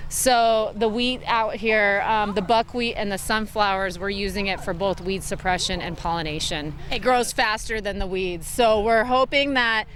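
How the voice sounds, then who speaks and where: A woman's voice: mid-range voice, fairly even intonation, moderate pace, hardly any pauses, fairly bright tone, a little hiss or hum. A woman farm owner interviewed outdoors, explaining her methods at length with frequent fillers. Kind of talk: news interview.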